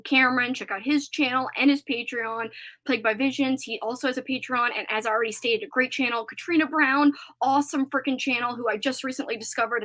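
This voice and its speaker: A woman's voice: on the high side, sharp tone. A woman hosting a casual live stream, chatting in a rambling way with many filler words.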